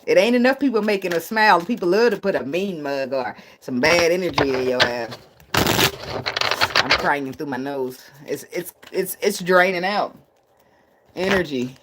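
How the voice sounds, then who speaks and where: A woman's voice: lowish voice, moderate pace, very noisy. A woman giving a casual livestream tarot reading, blunt and profane, often breaking into laughs. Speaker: tarot reader.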